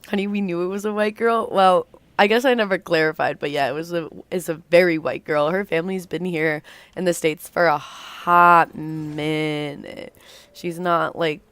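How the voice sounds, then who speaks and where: A woman's voice: fairly low pitch, a bit bright, clean tone, no echo. A young woman livestreaming a game, rambling through a storytime with lots of fillers and casual swearing. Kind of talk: rambling storytime while gaming.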